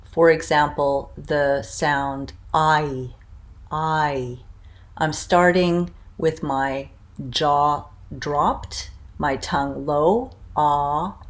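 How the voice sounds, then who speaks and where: Slow, low-voiced woman pronunciation teacher. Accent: Canadian. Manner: demonstrates sounds by drawn-out repetition. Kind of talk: slow, clear pronunciation lesson.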